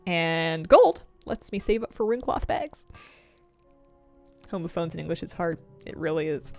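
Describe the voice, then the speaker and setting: A woman's voice: on the low side, sing-song, moderate pace, creaky, a little mellow, soft background music. A woman chatting casually while streaming a game, rambling through asides and laughing often, close to a desk microphone at home. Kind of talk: casual chat while gaming.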